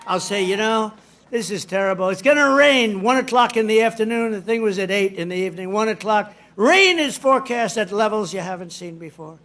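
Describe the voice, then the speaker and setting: A man's voice: sits high, fairly quick, fairly bright tone. A man giving a rally speech in a rambling, boastful, digressive way. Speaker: politician addressing a rally.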